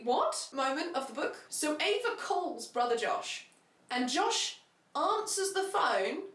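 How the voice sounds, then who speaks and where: A woman giving a sarcastic, animated comedic recap of a book, full of asides. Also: high voice. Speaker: book reviewer. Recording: echoey room.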